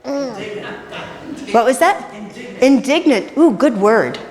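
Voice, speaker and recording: A woman minister leading an interactive sermon, chatty and playful with quick jokes, in a church. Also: on the high side, animated, a little mellow. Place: church sanctuary. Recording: reverberant church hall.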